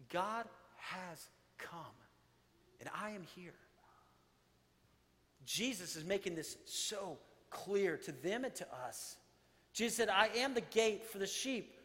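A man delivers a sermon with an unusually high voice. He is animated and conversational as he quotes and explains scripture, sometimes softening to a hush. Long reverb from a large hall trails every phrase. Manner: animated preaching, quoting scripture and paraphrasing with rising intensity. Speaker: pastor.

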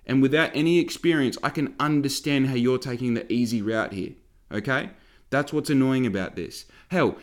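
A man telling a story as a heated, exasperated rant full of swearing. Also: a little high.

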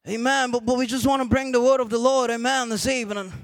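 High-pitched gravelly man preaching a sermon. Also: fairly even intonation, fast talker, no echo. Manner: repeats "amen" often, rising to shouted emphasis.

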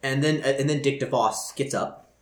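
Rambling profane game master, echoey room. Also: male voice, medium pitch, moderate pace. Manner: rambling, repetitive, crude. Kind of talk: narrating a tabletop game with profane character voices. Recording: echoey room with faint noise.

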